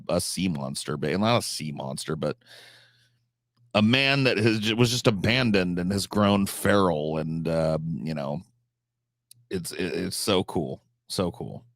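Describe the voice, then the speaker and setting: A man's voice: deep voice, moderate pace, no room sound, studio quality. A man chatting casually on a live stream, answering chat questions, swearing freely, with frequent restarts and fillers.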